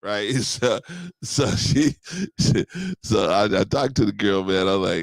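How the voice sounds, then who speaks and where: A man's voice: lowish voice, a little slow, creaky, dry recording, studio quality. A man hosting a casual show, telling personal stories and acting out both sides of the conversations. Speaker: host. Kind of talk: casual storytelling and live chat commentary.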